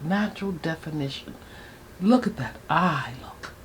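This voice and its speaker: A woman in her sixties chatting to viewers while doing her makeup, excitable and gushing about her products. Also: sits low, unhurried, a little hiss or hum. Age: 60s. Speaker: beauty vlogger. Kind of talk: get-ready-with-me makeup chat.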